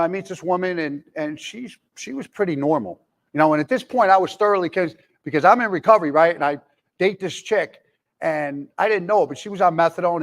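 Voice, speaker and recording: A man in his forties telling his own recovery story candidly, rambling with many fillers and restarts. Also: on the high side. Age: 40s. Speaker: speaker in recovery. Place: jail, indoors.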